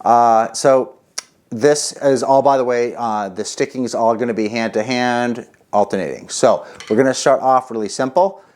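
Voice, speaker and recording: A man teaching a casual drum lesson, chatty and relaxed, counting rhythms out loud. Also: medium pitch, normal speed. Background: drum kit playing.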